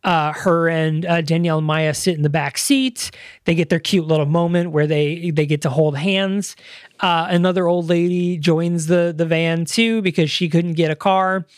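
A man with a fairly high voice walks through a movie's plot in a relaxed podcast chat. He recaps scene by scene, padding his sentences with fillers, and the recording is dry and close. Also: moderate pace, no room sound. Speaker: podcast co-host. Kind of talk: casual movie-review chat.

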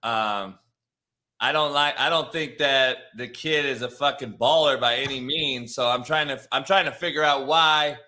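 A man's voice: medium pitch, normal speed, bright, forceful tone. A man hosting a casual sports talk show, laid-back, swearing freely and restarting his sentences. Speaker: podcast host.

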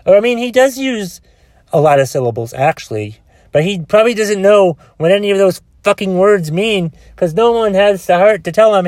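A man's voice: high voice, animated, normal speed, a little mellow, dry recording, studio quality. A man ranting alone into his phone, exasperated and profane, rambling with frequent restarts. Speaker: solo podcaster. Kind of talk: casual rant.

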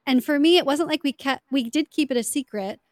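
A woman with a fairly high voice hosts a casual podcast interview. She talks loosely, with lots of "like" and quick asides. The sound is close and dry, with no room in it. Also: no echo. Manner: chatty, filler-heavy, often says "like". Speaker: podcast host.

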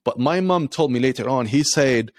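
Man telling a story with halting restarts. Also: medium pitch, no room sound. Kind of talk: casual conversation.

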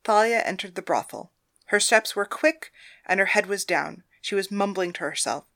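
A woman narrating a story in a steady, even way. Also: mid-range voice, normal speed.

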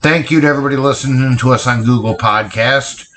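A man co-hosts a casual home podcast, tossing out crude jokes and banter. His voice is bright and forceful. The room adds a noticeable echo. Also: mid-range voice, quick pace. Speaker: podcast co-host. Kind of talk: casual chat.

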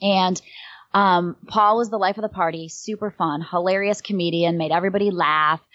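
A middle-aged woman chats casually as a guest, recounting a personal story in a lowish, steady voice with a fairly bright tone and a moderate pace. She drifts a little and uses plenty of "um" and "like." Her audio is dry with no room sound, dull and slightly lo-fi.

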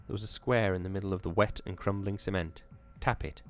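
A man reading a story aloud in steady, measured audiobook narration. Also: sits low.

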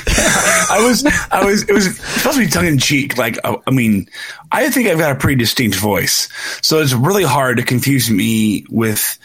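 A man co-hosting a podcast in casual chat, talking fast with a low nasal voice and a lisp, laughing often. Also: big pitch swings, fairly bright tone, husky. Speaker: podcast co-host.

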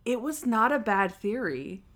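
Young woman, casual co-host, animated storyteller who acts out quotes. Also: on the high side, a little slow. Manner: animated, acts out scenes in quoted voices, laughs often. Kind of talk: casual chat recapping a TV episode.

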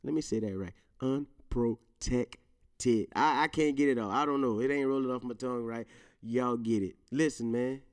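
A male host in casual solo commentary whose voice sits at an ordinary middle pitch. He swears freely, laughs through his own rants and leans on slang. He keeps turning to his listeners with asides like "you feel me?". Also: a little fast. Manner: profane, laughing, emphatic rants; slang-heavy, addresses listeners directly. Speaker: podcast host.

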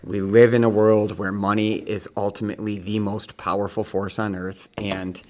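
A man with a low voice holds forth in a podcast chat. He lays out his argument point by point in an emphatic, lecturing way. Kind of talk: casual podcast banter.

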